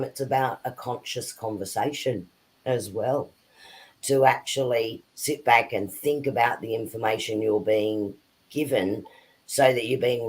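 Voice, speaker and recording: A man co-hosting a spiritual chat who speaks in a reflective, measured way, with frequent pauses and fillers. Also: lowish voice, low-quality recording.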